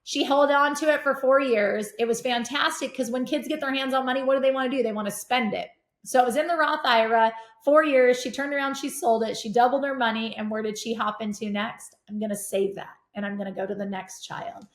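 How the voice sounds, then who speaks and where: A middle-aged woman telling stories as a podcast guest, energetic and animated. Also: sits high, fairly quick. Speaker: podcast guest, real estate investor. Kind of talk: casual conversation. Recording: roomy echo.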